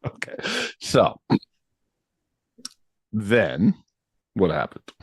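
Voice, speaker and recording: A man's voice: sits low, very animated, very slow, slightly rough, no room sound. A man hosting a podcast, chatting loosely and laughing easily, with many restarts. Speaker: podcast host. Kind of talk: casual chat.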